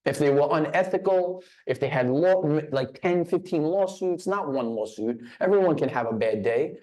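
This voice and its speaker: A man's voice: fairly high pitch, mellow. A man speaking as a guest in a business leadership session, telling a story with frequent restarts and repeated words. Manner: storytelling, repeats words when starting phrases. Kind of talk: motivational talk.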